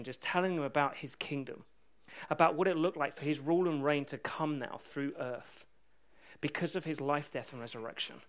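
Male preacher, high voice, loose humorous storyteller, church sermon.

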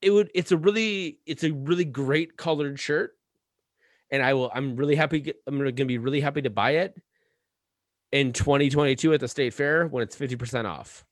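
A man's voice: medium pitch, fairly quick, no room sound, studio quality. A man co-hosting a podcast, rambling and cursing with many restarts as he rants. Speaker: podcast co-host. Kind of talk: casual podcast chat.

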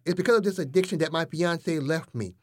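A man voicing a young woman who is a nervous cannibal girlfriend, speaking in a high, fluttery, matter-of-fact way. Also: fast, darkish tone, close to an everyday voice. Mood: self-coaching.

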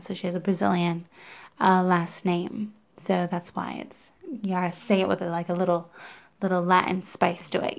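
A young woman talks through a film review on her podcast in a loose, rambling way, full of fillers. Her voice has a gravelly, fry-edged texture at a middle pitch. She sounds casual and unscripted. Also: darkish tone. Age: young adult. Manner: chatty and rambling, with many fillers. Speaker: podcast host reviewing films. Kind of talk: casual chat.

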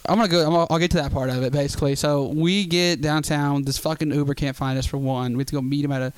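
A man's voice: a little high, fairly even intonation, fast talker, clean tone, dry recording. A young man telling a story in casual chat, swearing freely and acting out quotes.

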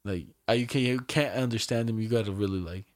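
In a clean studio recording with no room sound, a young man with a lowish voice hosts a casual podcast and talks fast. He tells a rambling story packed with slang, profanity and fillers.

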